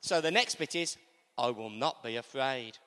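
A man's voice: mid-range voice, moderate pace, pushed and bright, long reverb tail, a little hiss or hum. A man preaching a sermon in a church, leading the congregation in call-and-response and repeating key lines.

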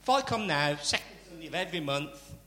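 A man preaching a sermon, chatty and animated, with asides to the congregation. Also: fairly high pitch, fast. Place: church. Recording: church hall reverb, faint hum.

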